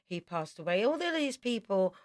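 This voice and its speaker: A woman in her fifties from South London with a London accent, a singer chatting as a radio interview guest and telling lively stories with quick asides. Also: mid-range voice. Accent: London English. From South London, England.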